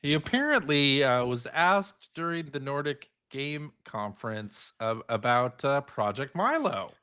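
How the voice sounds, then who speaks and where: A man's voice: mid-range voice, sing-song, unhurried, bright, forceful tone, clean tone. A man hosting a podcast in casual chat, laughing often as he loosely relays news. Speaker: podcast host.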